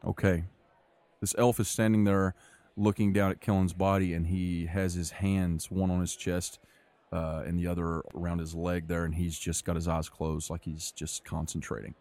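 Deep, mellow male game master. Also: flat delivery, moderate pace. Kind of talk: narrating a tabletop game.

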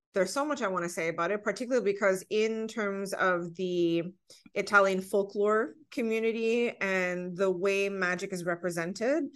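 A woman's voice: mid-range voice, a bit bright. A woman in her thirties, a podcast guest, talking in an earnest, heartfelt way as she tells personal stories in a casual conversation.

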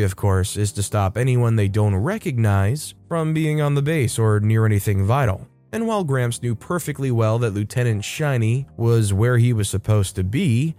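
A man reading a story aloud as a scripted narration, wry and lively, speeding up and slowing down for effect. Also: mid-range voice.

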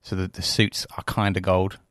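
A man's voice: deep voice, completely flat delivery, normal speed, a bit bright. A man hosting a podcast, chatting in an easygoing, teasing way and thinking aloud. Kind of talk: casual chat.

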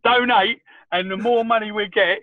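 Sweary high-voiced man on a call. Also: normal speed, dry recording. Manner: swears freely, animated anecdotes. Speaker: podcast co-host. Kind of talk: casual chat. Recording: tinny phone line.

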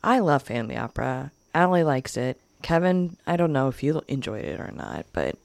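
A woman co-hosting a podcast, telling trip stories in an animated way and laughing often. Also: a bass voice, fairly quick, creaky, dry recording. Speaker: podcast co-host. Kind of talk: casual chat.

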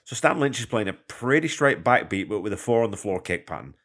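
A man's voice: on the low side, animated, fairly quick, a bit bright. A man hosting a music podcast, talking through a record in a chatty, enthusiastic way with conversational asides. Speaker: podcast host. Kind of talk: casual music commentary.

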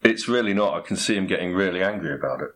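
A man's voice: sits low, expressive, fast talker, fairly bright tone. A man playing straight man in a comedy chat, dry and sceptical, asking pointed questions.

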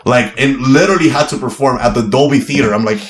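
A man's voice: mid-range voice, fast talker, a crowd in the background. A young man from Miami, a guest comedian, telling a story in a rambling, profane way full of fillers. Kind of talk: casual podcast storytelling. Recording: roomy echo.

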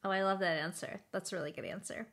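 A woman co-hosting an interview, asking questions in a relaxed way. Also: mid-range voice, quick pace. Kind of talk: casual interview chat.

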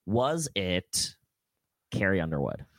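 A man's voice: sits low, sing-song, takes it slowly, no room sound. A man hosting a comedy podcast from a home studio, casual, playful and jokey, often laughing. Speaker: podcast host. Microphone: studio mic.

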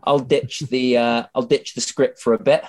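A man's voice: mid-range voice, little pitch movement, normal speed, a little mellow. A man, a comedian being interviewed on a podcast, chatty and self-mocking, swearing freely and often restarting his sentences. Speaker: comedian guest.

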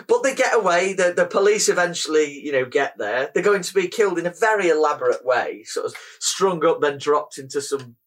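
Husky male co-host, animated, amused film recapper. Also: on the high side, brisk, hardly any pauses. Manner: retells plot with amused laughter. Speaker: podcast co-host. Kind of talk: casual film-review chat.

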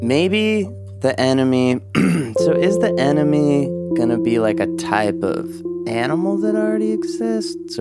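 Slow, low-voiced man who rambles through an improvised comic bit, full of fillers, with loud guitar behind. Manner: rambling, halting, full of fillers and throat clearing. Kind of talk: improvised comedic storytelling. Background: guitar music.

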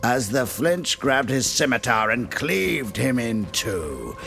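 A man's voice: medium pitch, very animated, slow, creaky, music in the background. A man narrating a rhyming horror-comedy story in a theatrical, dramatic manner.

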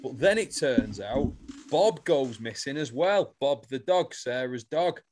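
A man's voice: medium pitch, expressive, measured pace, background noise. A man on a casual chat podcast, animatedly retelling a soap storyline and swearing freely. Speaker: podcast co-host.

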